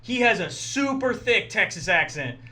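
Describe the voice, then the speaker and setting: Man, podcast co-host, casual banter, laughs often, high voice. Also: sing-song, normal speed, sharp tone. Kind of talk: casual chat.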